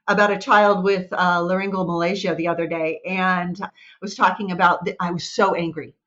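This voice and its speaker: A woman's voice: on the low side, brisk. Middle-aged woman guest on dull audio. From United States. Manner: animated storyteller. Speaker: guest speech-language pathologist. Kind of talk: casual interview chat.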